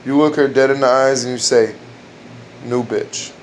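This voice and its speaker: A man trying out crude stand-up jokes at home, rambling, restarting lines and laughing at his own punchlines in a dark room. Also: medium pitch, fairly even intonation, quick pace, a little hiss or hum. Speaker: amateur comedian trying out jokes. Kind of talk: casual joke-telling at home.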